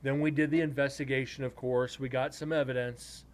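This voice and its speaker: A man telling a story from one of his paranormal investigations to his live chat, rambling and casual. His pitch sits in the everyday middle for a man, and he drifts into crude jokes aimed at the viewers. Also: level tone, fairly quick.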